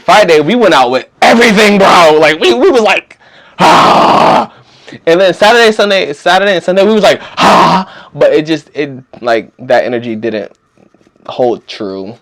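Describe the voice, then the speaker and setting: Animated young man telling a story. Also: fairly high pitch. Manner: animated, slangy, acts out quotes. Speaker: vlogger. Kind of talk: casual storytelling.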